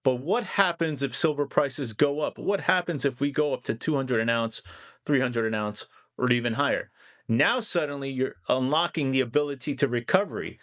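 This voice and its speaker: A man's voice: medium pitch, normal speed, a bit bright. A man giving casual vlog commentary on finance, conversational and rambling, often correcting himself mid-sentence.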